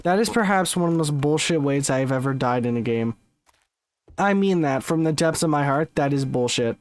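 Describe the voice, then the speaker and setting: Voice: medium pitch, animated, moderate pace. A gaming streamer giving let's-play commentary, swearing often and ranting in exasperation.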